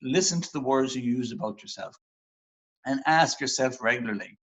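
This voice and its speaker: This low-quality clip features an Irish man, a performance psychologist, whose medium-pitched voice has a fairly bright tone and moves at a moderate pace. Earnest and reflective, he uses a motivational interview to guide listeners on their self-talk.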